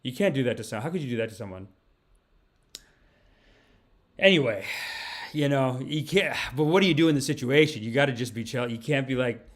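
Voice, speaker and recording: A man, a comedian hosting a podcast, telling rambling, animated stories. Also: medium pitch, fast talker. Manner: animated, rambling, laughs mid-story. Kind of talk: casual storytelling.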